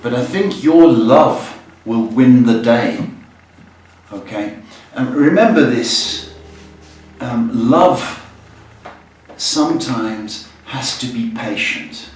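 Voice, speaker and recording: Slow-talking man giving psychic advice. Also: mid-range voice, lively intonation. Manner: slow, soothing, ends phrases with "okay?". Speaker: psychic host. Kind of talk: live-stream psychic reading. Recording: echoey room, mic far off, faint noise.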